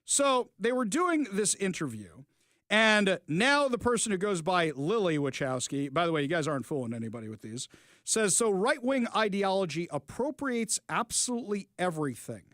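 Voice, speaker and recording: Animated sarcastic talk radio host man. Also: high-pitched, no echo, clean studio sound. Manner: sarcastic, animated, quick asides and restarts. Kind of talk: opinionated political talk radio.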